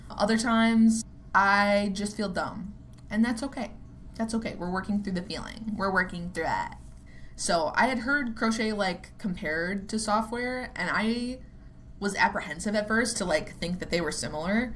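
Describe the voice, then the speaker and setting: A woman's voice: medium pitch, moderate pace. A young woman muses aloud on her solo podcast, drifting between thoughts with constant "like" fillers and a self-deprecating edge. Her delivery is casual and unpolished, with the odd swear word. A faint ambient noise sits under her voice. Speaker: podcast host.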